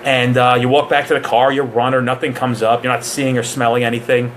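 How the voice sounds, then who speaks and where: A man's voice: mid-range voice, level tone, a little fast, fairly bright tone, a little hiss or hum. A man who trains police officers, giving a casual live question-and-answer session with jokes and digressions.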